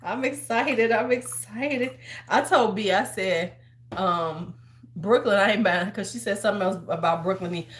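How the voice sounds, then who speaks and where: A woman's voice: mid-range voice, moderate pace. A woman in her fifties hosting a casual livestream from home, chatty and sassy, handing out advice like a big sister. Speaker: host. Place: large room at home. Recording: roomy echo.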